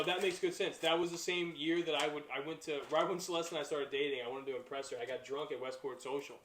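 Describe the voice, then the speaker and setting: A young man, telling stories in a profane, excitable casual chat. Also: on the high side. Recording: echoey room.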